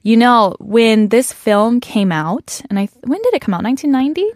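A woman's voice: a little high, lively intonation, darkish tone, no room sound, clean studio sound. A young woman co-hosting a podcast in casual, playful chat about movies. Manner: chatty, playful, quick laughs. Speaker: podcast co-host.

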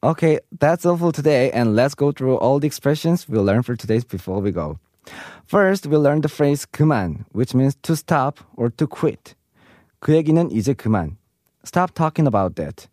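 A man teaching a scripted vocabulary lesson. He explains each term, reads the Korean example sentences briskly, then gives the English translations slowly. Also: medium pitch, lively intonation, a little mellow, no echo, clean studio sound.

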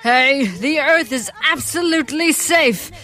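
A woman's voice: high voice, animated, unhurried, bright, forceful tone, faint music behind, heavily acted. A woman doing a stern wise lion. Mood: scolding. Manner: stern, scolding. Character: wise, commanding forest lion. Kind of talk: children's storybook acting.

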